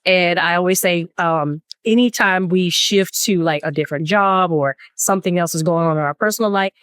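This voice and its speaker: A woman therapist talks earnestly on a podcast. Her voice sits on the lower side and she reflects carefully, often restarting her thoughts. The recording is dry and close. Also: moderate pace, fairly bright tone, clear, resonant tone, no room sound. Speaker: therapist and co-host. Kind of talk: casual podcast chat.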